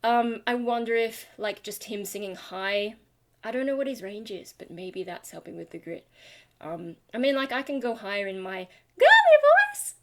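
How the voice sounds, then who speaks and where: A woman's voice: medium pitch, normal speed. A tired young woman, a singer and channel host, rambling casually and self-deprecatingly about vocal technique into a webcam. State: tired from lack of sleep. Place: home, talking to a webcam.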